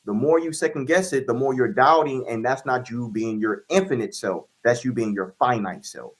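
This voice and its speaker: A man with a mid-range voice answers interview questions as a spiritual reader. He speaks calmly and declaratively, in the manner of a teacher. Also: mid-range voice, normal speed.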